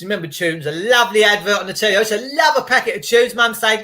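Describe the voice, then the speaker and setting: High-voiced man, rambling and jokey. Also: fast talker, few pauses, bright, forceful tone. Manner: rambling, jokey asides and cheeky banter. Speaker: vlogger. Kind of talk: rambling monologue to camera.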